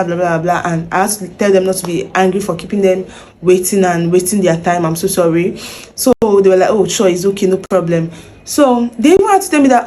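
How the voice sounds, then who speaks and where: Young woman, casual storyteller, animated, acts out the other voices. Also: medium pitch. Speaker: vlogger.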